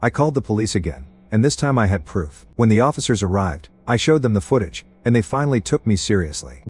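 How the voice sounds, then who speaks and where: Male narrator, low and husky, dry close read, steady first-person storytelling. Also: fast, no echo. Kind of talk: scripted narration of a reddit story.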